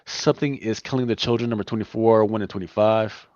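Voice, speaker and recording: A man hosting a casual livestream chat, talking in a relaxed, rambling way that often trails off. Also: lowish voice, quick pace, no room sound. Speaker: host. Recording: dry, dull lo-fi sound.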